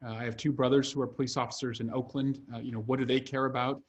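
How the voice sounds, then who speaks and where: This mid-range male voice, belonging to an author and congressman in his thirties, moves quickly with little change in pitch, carries a breathy edge, and has its high frequencies cut off. He talks earnestly and fluently on a video call for an interview, filling gaps with frequent "uh"s.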